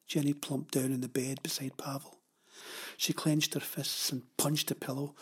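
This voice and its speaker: A man narrating a children's novel in a measured, even storytelling manner. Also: medium pitch, husky. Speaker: audiobook narrator.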